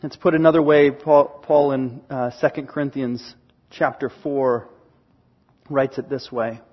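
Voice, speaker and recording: A man preaching a sermon, earnest and encouraging, sometimes dropping to a hush for emphasis. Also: mid-range voice, steady tone, unhurried, muffled recording. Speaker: pastor.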